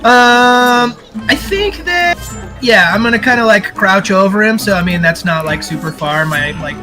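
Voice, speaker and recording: Male player, high voice, loose rambling delivery; music audible behind. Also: moderate pace. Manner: casual, rambling with fillers. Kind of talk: casual tabletop game play.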